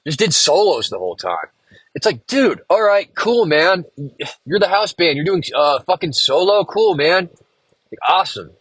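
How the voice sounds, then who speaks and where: Guy ranting on his solo podcast, kinda high voice, super dry close sound, swears a ton. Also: big pitch swings, moderate pace, a bit bright, slightly rough, no room sound. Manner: rambling, profane, venting. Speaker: podcast host and musician. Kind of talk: casual solo podcast monologue.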